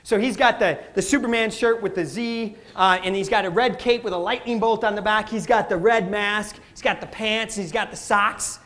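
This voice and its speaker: A man giving a live motivational talk, animated, calling the audience folks and acting out what people say. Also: high-pitched, normal speed, hardly any pauses. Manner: animated, addresses crowd as folks, acts out quotes. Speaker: motivational speaker.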